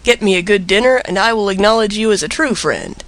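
A man's voice: high voice, a little fast, a bit bright, poor audio. A man voicing a sly, boastful male jackal in a storybook, drawling and grudging.

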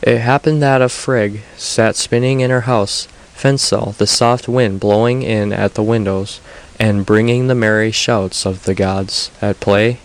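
A man reads old myths aloud in an audiobook, his voice sitting low. His telling is steady and even-paced. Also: unhurried, poor audio. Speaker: narrator.

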